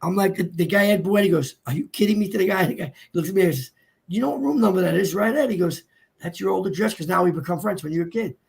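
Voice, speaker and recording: A man's voice: high-pitched, quick pace, creaky, a little mellow, slightly rough. A man from New Jersey, a guest speaker, telling a personal story in an emotional, choked-up, emphatic way.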